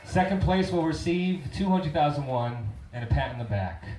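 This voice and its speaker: A man's voice: on the high side, animated, moderate pace. Hyped male comedy emcee. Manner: hyped, shouted introductions. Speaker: host of the competition. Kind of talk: announcing acts. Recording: echoey club with faint noise.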